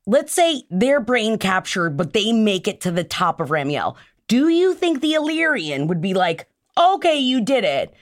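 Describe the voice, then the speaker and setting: Lively, jokey woman on a podcast. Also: mid-range voice, moderate pace, dry recording, clean studio sound. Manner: animated, jokey, swears, jumps into playful voices. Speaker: podcast co-host. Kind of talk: casual book discussion.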